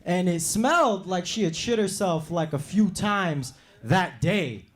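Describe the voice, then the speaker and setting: Brash young stand-up comic from New York. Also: male voice, sits high, lively intonation. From New York City. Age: young adult. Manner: brash, acts out characters in quick voices. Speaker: stand-up comedian. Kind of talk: stand-up comedy set. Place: comedy club stage.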